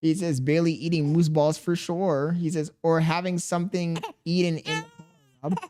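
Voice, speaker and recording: A man's voice: fairly high pitch, little pitch movement, moderate pace, a little mellow, a little hiss or hum. A man streaming live, reading out chat messages and grumbling back at them. He rambles, swears freely and mutters to himself between lines. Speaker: livestreamer. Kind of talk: casual livestream chat, reading chat messages aloud.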